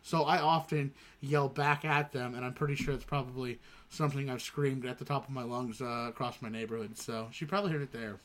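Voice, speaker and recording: A man's voice: mid-range voice, steady tone, fairly quick, fairly bright tone. A young man co-hosting a podcast, telling loose, rambling stories full of fillers. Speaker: podcast co-host. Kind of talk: casual chat.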